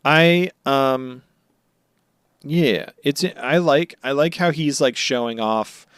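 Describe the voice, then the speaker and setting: A man's voice: medium pitch, slow pace, fairly bright tone, clean tone, no echo, clean studio sound. A man co-hosting a podcast in casual chat, rambling and enthusiastic, swearing now and then. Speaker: podcast co-host.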